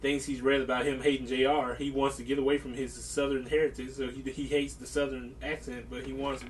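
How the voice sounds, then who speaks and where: A man joining a casual podcast chat, explaining points quickly. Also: mid-range voice, flat delivery, far from the mic, a little hiss or hum, low-quality recording.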